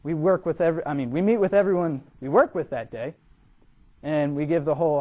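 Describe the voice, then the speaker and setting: A young man from Massachusetts, a cadet, giving an animated, humorous storytelling speech for a competition and acting out the people in his story. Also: a little high, a little fast, phone-quality sound. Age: young adult.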